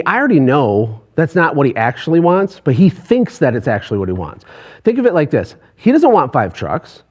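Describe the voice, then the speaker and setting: A man's voice: a little high, a little mellow. A man, a business coach, giving a passionate motivational talk to an online audience, pushing hard with rhetorical questions.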